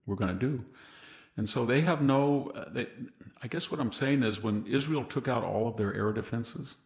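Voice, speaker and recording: A Californian man appears as a guest historian in a casual interview, spinning long anecdotes and laughing at his own jokes. He speaks at normal speed with a medium pitch and vocal fry, and the recording sounds roomy and echoey.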